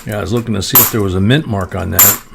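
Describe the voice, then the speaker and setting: A man's voice: fairly low pitch, quick pace, gravelly, very noisy. A man hosting a casual livestream, chatting easily and reading viewer comments aloud. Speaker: livestream host searching coins.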